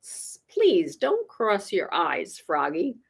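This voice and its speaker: A woman voicing a patient, weary woman doctor in a children's storybook, measured and a little dry. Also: lowish voice, wildly swooping pitch, vocal fry, slightly rough, heavily acted. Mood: calm.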